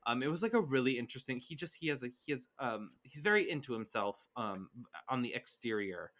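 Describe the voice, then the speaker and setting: Bright-voiced man chatting casually. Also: medium pitch, fairly quick. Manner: rambling, animated, many fillers. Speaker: podcast co-host. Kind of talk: casual chat recapping a reality show.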